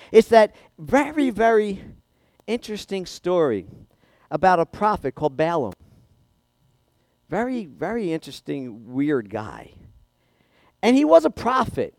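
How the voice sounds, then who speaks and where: A man preaching a sermon, an animated storyteller who acts out the voices in the story. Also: sits high, no room sound. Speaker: pastor.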